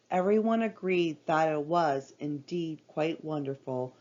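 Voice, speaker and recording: Female storybook narrator, slow and calm, low-ish voice, muffled recording. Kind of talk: children's story read-aloud. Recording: dull lo-fi recording.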